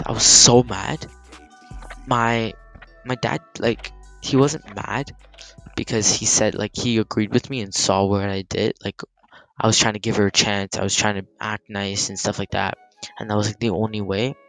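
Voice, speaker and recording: A teenage guy tells a story to his channel in a casual, heated ramble, swearing freely and leaning on "like". His voice sits low and comes across bright and forceful. Faint music plays underneath. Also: moderate pace, creaky. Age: teens. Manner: heated, animated retelling with frequent swearing and "like".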